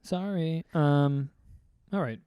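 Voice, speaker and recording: A man's voice: on the high side, takes it slowly, clean tone, no room sound, muffled recording. A man co-hosting a podcast, rambling through crude, joking casual chat. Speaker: podcast co-host.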